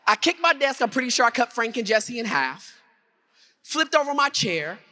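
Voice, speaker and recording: A man delivers a motivational keynote at a conference with a very high, bright, forceful voice. He tells his story with animation, acting out scenes and throwing questions back at the audience. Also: very animated, normal speed. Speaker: keynote speaker. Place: conference hall before an audience.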